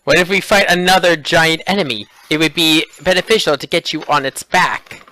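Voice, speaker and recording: Bright, excitable tabletop player. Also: medium pitch, moderate pace, no room sound. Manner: excitable, swears freely. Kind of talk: casual tabletop game chat.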